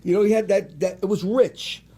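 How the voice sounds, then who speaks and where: A man around seventy, a singer and restaurant owner, telling rambling, animated stories as a guest in a casual interview. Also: high voice, moderate pace, breathy edge. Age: about 70.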